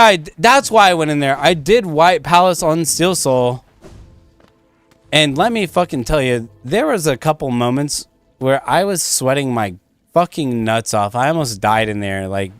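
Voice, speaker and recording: A man's voice: fairly high pitch, clear, resonant tone, no room sound. A young man streaming a game, rambling casually through commentary and swearing freely.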